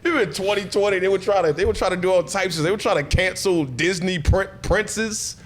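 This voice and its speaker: A man's voice: sits high, a little fast. A man in his thirties, a comedian and impressionist, telling stories in a casual, slangy chat and often asking "you know what I'm saying.".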